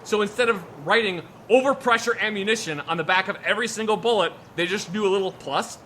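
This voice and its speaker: A man's voice: high-pitched, quick pace, pushed and bright, slight background noise. A man in casual chat while playing a game, explaining guns at length and swearing casually. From United States. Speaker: gaming video host.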